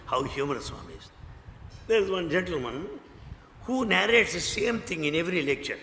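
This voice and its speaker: Speaking at a normal speed in a voice on the high side, this older Indian English-accented spiritual speaker tells lively devotional stories. He acts out quotes and laughs a lot, his talk echoing through a hall with faint background noise.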